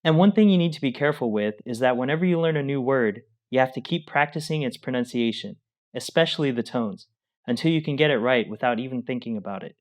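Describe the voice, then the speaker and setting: Calm man explaining a lesson. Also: mid-range voice, quick pace. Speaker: Mandarin teacher. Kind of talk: scripted pronunciation lesson.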